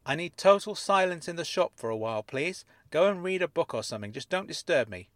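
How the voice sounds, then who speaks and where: A man voicing a sharp-tongued middle-aged woman fraudster who speaks in a measured, wry way. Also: on the high side, expressive, no room sound, clean studio sound, voice pushed up. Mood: curt.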